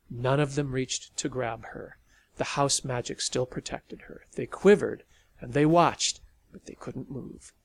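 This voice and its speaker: A man reading a story aloud as an audiobook narrator, in a steady storytelling manner. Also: medium pitch.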